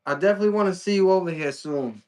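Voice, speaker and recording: A man's voice: high voice, rapid-fire, over a noisy crowd. A man from the United States hosting a podcast, mostly giving short replies and laughs, with hype asides to his listeners. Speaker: podcast host. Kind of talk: casual interview chat.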